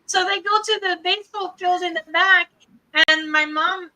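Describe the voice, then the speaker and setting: A woman's voice: extremely high pitch, fairly even intonation, moderate pace, bright, forceful tone, rough recording. An older woman hosting a livestream, telling a funny family story casually and laughing often as she goes. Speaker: livestream host. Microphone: streaming mic.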